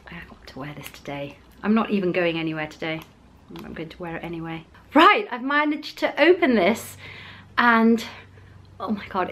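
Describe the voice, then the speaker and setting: A middle-aged woman chatting casually as she unboxes beauty products for her vlog, gushing and exclaiming as she goes. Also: medium pitch. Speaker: beauty vlogger.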